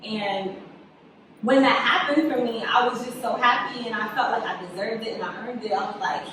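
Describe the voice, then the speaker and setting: In a casual interview, a young adult writer-director with a highish voice and moderate pace tells animated stories, acting out quotes and laughing often. The recording has an echoey room, a distant mic, and some background noise.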